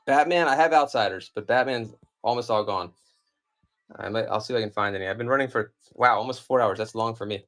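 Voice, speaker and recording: This American man in his forties rambles casually through a live-stream comic auction, full of fillers and asides. His voice is fairly low and fairly bright, and he talks briskly in a chatty way.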